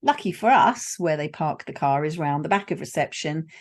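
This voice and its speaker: A woman with a somewhat low voice hosts her own podcast, talking alone to her listeners. She recounts a personal anecdote in a relaxed, conversational way, dropping in dry, wry asides as she goes. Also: normal speed. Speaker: podcast host. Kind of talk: solo podcast storytelling.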